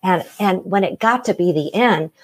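A woman's voice: on the low side, moderate pace. A middle-aged woman casually telling her own story, acting out the voices of the people in it. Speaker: guest telling her near-death experience.

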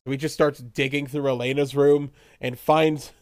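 A young man recapping a TV episode in casual chat, animated and laughing often as he acts out characters in quick voices. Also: medium pitch, no room sound, studio quality. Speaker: podcast co-host recapping a TV episode.

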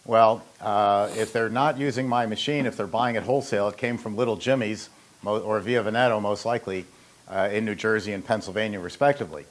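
A man's voice: fairly low pitch, steady tone, a little fast. A man hosting a how-to show and talking casually about his trade, rambling through anecdotes with joking asides. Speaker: host and ice machine maker. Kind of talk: casual instructional talk.

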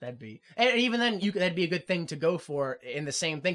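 A woman's voice: lowish voice, lively intonation, fast talker, hardly any pauses, fairly bright tone. A woman co-hosting a podcast in casual, rambling chat, swearing freely. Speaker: podcast co-host.

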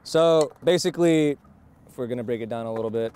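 Talking fast in a mid-range voice over background noise, a male drum instructor breaks snare drum technique into steps for a group. He keeps checking that they understand, and his wireless lavalier mic captures it all.

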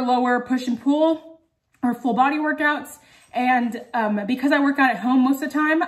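A young woman chatting casually in a home vlog, full of "um" and "like" and out of breath after a workout. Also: on the high side. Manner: chatty, many fillers like "um" and "like". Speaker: vlogger.

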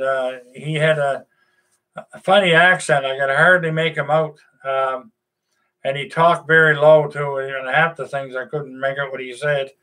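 An older man, casually chatting to his viewers in a rambling, folksy way with lots of pauses. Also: fairly high pitch, a bit bright. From Nova Scotia, Canada. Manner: rambling, folksy, many "uh"s and restarts. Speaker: vlogger. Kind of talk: casual chat to camera.

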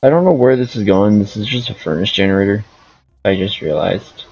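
Streamer, male, low gravelly voice, thinks aloud as he plays; muffled lo-fi audio, soft music bed. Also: lively intonation, fairly quick. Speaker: gaming streamer. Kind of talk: casual gameplay commentary.

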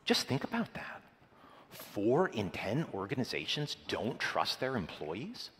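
A man giving a scripted conference keynote with dramatic, measured emphasis. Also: mid-range voice, wildly swooping pitch, a bit bright, slight background noise. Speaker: conference presenter. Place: large conference hall. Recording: reverberant conference hall.

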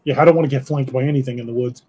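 A man's voice: mid-range voice, steady tone, rapid-fire, warm tone, slightly rough. A man hosting a casual live-streamed podcast chat, telling stories and reading out viewer comments. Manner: storytelling, reads out viewer comments. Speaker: podcast host.

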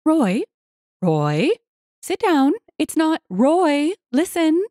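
Lady doing a frantic wife, high and pleading, lots of ups and downs. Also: very animated, very slow, warm tone, no room sound, studio quality, heavily acted. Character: frantic wife of the angry biker.

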